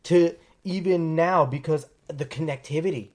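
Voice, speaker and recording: A man's voice: on the high side, normal speed. A man hosting a podcast, chatting casually about sports and talking with emphasis. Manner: emphatic, animated storytelling. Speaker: podcast host.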